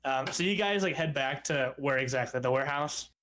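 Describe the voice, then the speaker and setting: A man's voice: medium pitch, a little fast, pushed and bright. A young man narrating a tabletop game as game master, loose and full of fillers. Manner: loose, filler-heavy, descriptive.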